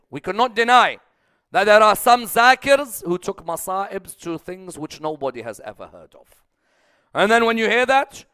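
A man's voice: high-pitched, no echo, clean studio sound. A man giving a sermon, speaking emphatically, repeating phrases rhythmically and putting questions to his listeners. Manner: emphatic, rising to loud peaks then dropping soft. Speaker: speaker at a religious gathering.

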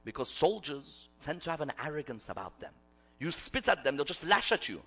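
A man preaching a storytelling sermon, swinging from loud declaiming to a hushed near-whisper. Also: on the high side, big pitch swings, brisk.

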